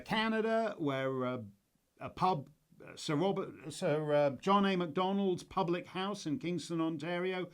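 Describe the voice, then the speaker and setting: A man's voice: on the high side, smooth. A man hosting his own commentary show, talking off the cuff in a rambling, wry way with many fillers and restarts. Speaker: host. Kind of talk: casual spoken commentary.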